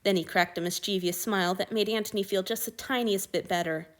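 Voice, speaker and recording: A woman narrating fan fiction aloud at a middling pitch. Her delivery is even and steady, a plain storytelling read. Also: brisk. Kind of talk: audiobook reading of fan fiction.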